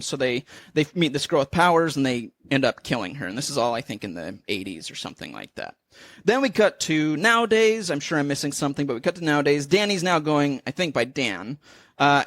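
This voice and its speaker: Casting: chatty, giggly male podcast co-host, slightly high voice, dry close mic. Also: a bit bright, no echo. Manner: giggly, self-deprecating, rambling recap. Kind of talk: casual chat.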